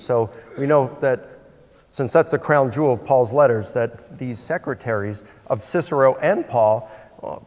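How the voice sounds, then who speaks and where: A man's voice: medium pitch, darkish tone. A man in a debate questioning his opponent in a conversational way with hesitations. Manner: conversational, with fillers and restarts. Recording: echoey hall.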